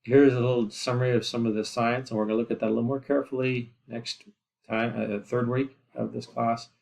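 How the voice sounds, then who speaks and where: A man's voice: mid-range voice, flat delivery, a little fast, gravelly, darkish tone. A man teaching a geography class in a recorded lecture, rambling with lots of fillers and asides. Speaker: geography instructor.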